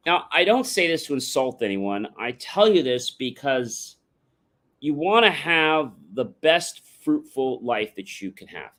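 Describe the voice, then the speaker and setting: A man giving a motivational livestream talk, addressing the audience directly and emphatically, sometimes chanting catchphrases. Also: medium pitch. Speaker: motivational speaker.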